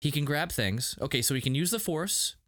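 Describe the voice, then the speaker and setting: A man co-hosting a casual podcast review, animated and laughing, with many restarts. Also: fairly high pitch, brisk, dry recording, studio quality. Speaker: podcast co-host.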